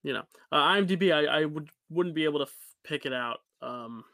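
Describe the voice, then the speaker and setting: A man's voice: a little high, brisk, vocal fry, bright, forceful tone, no echo, clean studio sound. A man co-hosting a podcast, talking in a laid-back way with lots of "like" and easy laughs. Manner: laid-back, says "like" often, laughs easily. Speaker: podcast co-host. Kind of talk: casual podcast chat.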